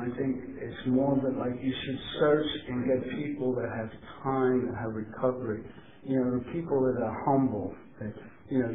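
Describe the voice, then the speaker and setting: A middle-aged man from New York giving a candid, rambling talk at a recovery meeting, blunt and profane, often laughing. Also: medium pitch. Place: meeting hall. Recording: tinny, noisy, echoey old tape recording of a meeting hall.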